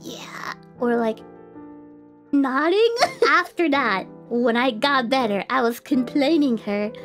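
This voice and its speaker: Woman, streamer, very high voice, lively pitch, getting over an illness, faint music behind. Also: slow pace. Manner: animated, laughing storytelling with mock shouting. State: recovering from sore throat illness. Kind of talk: casual stream chat.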